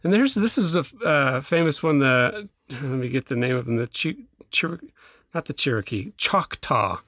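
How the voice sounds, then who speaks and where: A man's voice: medium pitch, lively intonation, moderate pace, a bit bright, no echo, studio quality. A man co-hosting a podcast, retelling a folktale in a rambling, casual way with lots of restarts. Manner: rambling, with restarts, filler and laughs. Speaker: podcast co-host. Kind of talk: casual chat, storytelling.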